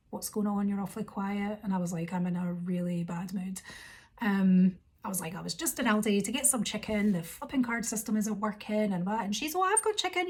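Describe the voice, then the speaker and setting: A young woman vlogger telling a story in a casual, rambling, animated way, quoting her own thoughts. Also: mid-range voice. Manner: rambling, animated retelling with quoted inner thoughts.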